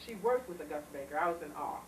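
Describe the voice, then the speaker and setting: Expressive woman telling stories to a room. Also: deep voice, racing, distant mic. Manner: chatty, emotional storytelling, laughs often. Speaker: speaker on children's literature. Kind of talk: informal talk to a small audience. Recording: echoey room recorded from afar, noisy.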